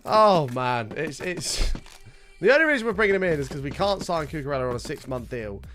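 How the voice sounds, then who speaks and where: A man's voice: on the high side, big pitch swings, brisk, a bit bright. A British man chatting live to his stream viewers, ranting heatedly and swearing often. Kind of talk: casual live-stream chat.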